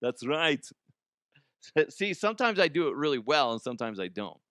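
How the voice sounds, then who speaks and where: Profane rambling man, lively pitch. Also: fast talker, clear, resonant tone, no echo, clean studio sound. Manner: profane, rambling, laughs at own jokes. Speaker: comedy podcast host. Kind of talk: casual comedic monologue.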